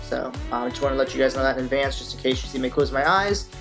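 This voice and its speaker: A man's voice: mid-range voice, racing, creaky. A young man talking casually as host of a music reaction video, rambling with lots of fillers. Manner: rambling, filler-heavy, upbeat.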